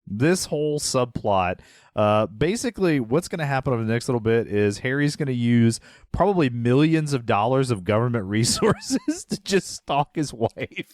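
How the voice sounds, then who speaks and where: A man's voice: medium pitch, sing-song, moderate pace, a little mellow, no echo, clean studio sound. A man co-hosting a podcast, casually recapping a movie scene by scene, rambling and trailing off, with a laugh slipping into his lines. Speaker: podcast co-host.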